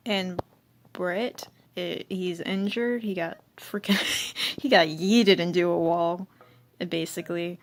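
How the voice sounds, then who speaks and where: With a lowish, steady voice and a slow pace, a woman goes through an old comic on her channel, chatting casually, rambling and laughing at her own expense. A little hiss or hum is audible.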